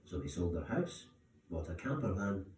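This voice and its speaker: A man narrating a documentary in a measured, scripted way. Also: low-pitched, very animated, background noise. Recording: roomy sound, distant from mic, music bed.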